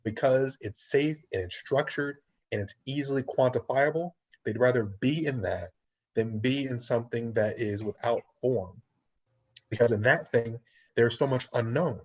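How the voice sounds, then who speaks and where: A man's voice: mid-range voice, normal speed, darkish tone, breathy edge. A man co-hosting a casual panel chat, talking in a reflective, philosophical way. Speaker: podcast co-host. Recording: lo-fi online call audio.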